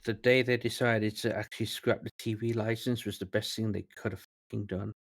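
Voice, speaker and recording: A man's voice: on the low side, steady tone, brisk. A man co-hosting a podcast, chatting in a blunt, opinionated way. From Britain. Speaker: podcast co-host. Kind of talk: casual chat.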